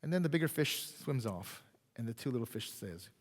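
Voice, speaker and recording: In a church sanctuary with the long reverb of the hall, a male pastor with a medium-pitched, expressive voice preaches conversationally. He keeps checking in with the congregation using "right?" and "okay?", swinging between loud emphasis and quiet, drawn-out phrases.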